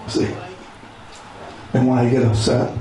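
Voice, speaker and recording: A man's voice: medium pitch, flat delivery, unhurried, mellow, slight background noise. A man from Pennsylvania, a veteran, telling rambling stories in casual talk and stopping to give his service dog commands. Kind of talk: casual spoken storytelling. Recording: very echoey room, mic far off, faint ambience.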